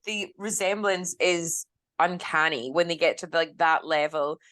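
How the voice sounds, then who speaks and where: A woman co-hosting a casual reality-TV podcast, enthusiastic and animated, acting out quotes. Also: low voice, unhurried, dry recording, studio quality. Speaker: podcast co-host. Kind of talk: casual chat.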